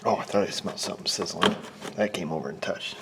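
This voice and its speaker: Talking fast in a low voice, a mechanic jokes and rambles to himself through a repair in the shop bay, dropping now and then to a whisper near the mic. The recording is very noisy.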